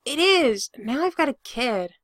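A woman's voice: high-pitched, lively intonation, measured pace, a bit bright, no echo, studio quality, pitched above the performer's own voice. A woman voicing a weary young single father who talks anxiously and defensively. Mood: worried.

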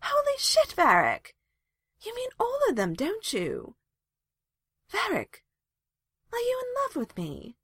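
A woman voicing a brash female warrior who shouts and teases. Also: mid-range voice, moderate pace, no echo, clean studio sound. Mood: excited. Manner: excited, shouting, teasing.

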